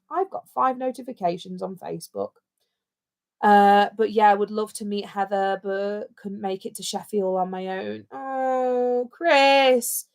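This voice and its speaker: A British woman co-hosting a casual livestream, chatting in a rambling, jokey way. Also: medium pitch. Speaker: livestream co-host.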